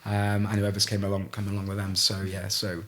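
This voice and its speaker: A middle-aged man from Gloucester, telling a story as a podcast guest in a halting way, with frequent restarts. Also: on the low side, monotone, fairly bright tone. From Gloucester, England. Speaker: guest, ice swimmer. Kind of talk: casual storytelling in a podcast interview.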